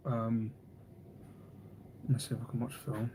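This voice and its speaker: A man's voice: medium pitch, flat delivery, measured pace, warm tone, a little hiss or hum. A man hosting a casual live stream, rambling, teasing, and reading viewer comments aloud. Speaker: livestream host.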